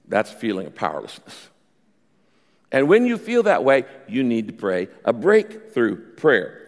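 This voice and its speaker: A pastor delivering a sermon, preaching emphatically with sudden rises in pitch and loudness. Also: male voice, wildly swooping pitch, moderate pace. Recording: long reverb of a large hall.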